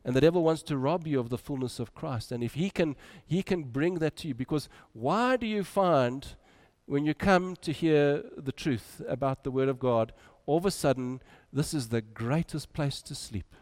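A man preaching a sermon, moving between loud urging and quiet, soft drops. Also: on the high side, moderate pace, few pauses.

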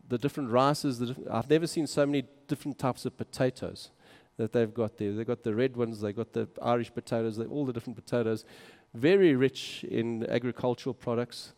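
This minister's mid-range voice is a little mellow, with fairly even intonation, a moderate pace and few pauses. He casually and enthusiastically narrates photos from a mission trip, exclaiming here and there, and the audio has a long hall reverb.

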